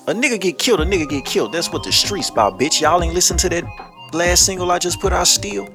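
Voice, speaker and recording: A man hosts his own commentary show, cursing freely as he rants and tells stories in blunt street talk. His voice sits slightly high for a man. Faint music plays quietly behind him. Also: fast. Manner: blunt, heavy cursing, animated storytelling.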